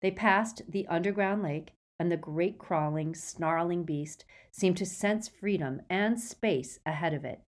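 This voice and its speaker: A woman reads a fantasy novel aloud with a fairly low voice. Her narration is dramatic and expressive, building force in the tense passages. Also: measured pace, few pauses. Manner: expressive reading, raising voice for action. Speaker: audiobook narrator.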